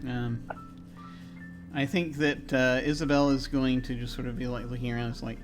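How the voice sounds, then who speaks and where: Brief: man running a tabletop game, hesitant and chuckling, soft music behind. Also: medium pitch, little pitch movement, normal speed. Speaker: game master. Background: faint background music.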